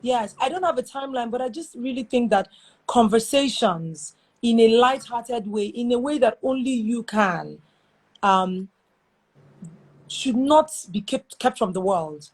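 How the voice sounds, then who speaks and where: A woman with a Nigerian accent, chatting as an interview guest and telling lively stories with quick asides. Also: on the high side, breathy edge. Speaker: guest, show host. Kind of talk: casual interview chat.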